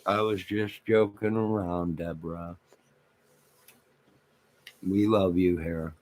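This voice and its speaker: A man's voice: low-pitched, fairly even intonation, takes it slowly, pauses often, a little mellow. A man hosting a casual livestream, rambling and joking with his chat viewers, with a toothless way of speaking. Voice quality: toothless speech. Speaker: livestream host.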